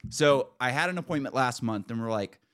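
A man hosting a podcast, casually telling an exasperated, animated story with some swearing. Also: mid-range voice, a little fast, clean tone. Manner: animated, exasperated retelling with profanity. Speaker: podcast host.

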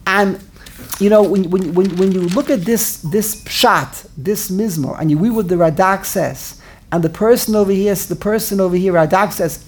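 A husky, medium-pitched voice with a darkish tone belongs to a woman teaching Torah. She speaks expressively at normal speed, thinking aloud in her religious class with pointed rhetorical questions and frequent restarts.

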